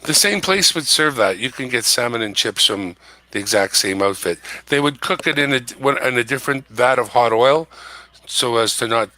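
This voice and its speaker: A man's voice: lowish voice, pushed and bright, no echo. A man hosting a stream, chatting casually in a rambling, joking way and chuckling at himself. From Canada. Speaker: stream host. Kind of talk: casual chat.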